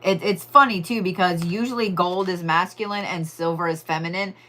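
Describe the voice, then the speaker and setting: A woman's voice: fairly low pitch, brisk, bright, forceful tone. A woman giving a casual weekly horoscope and tarot reading in a chatty, profane way, stretching words for emphasis. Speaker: tarot and astrology reader.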